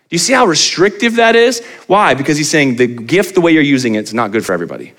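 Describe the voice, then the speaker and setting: Animated male pastor preaching. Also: quick pace, hardly any pauses. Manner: animated, pitch rising for emphasis, asks the crowd rhetorical questions. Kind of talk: sermon.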